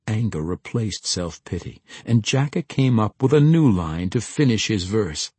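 A man narrating a fantasy audiobook with expressive storytelling. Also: sits low, measured pace, few pauses, husky, dry recording.

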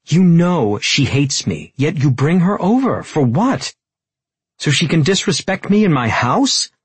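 A man voicing a jealous, sharp-tongued young woman who talks in a heated, accusing way. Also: mid-range voice, unhurried, creaky, breathy edge, no echo, voice pushed up, full character voice. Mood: jealous, angry.

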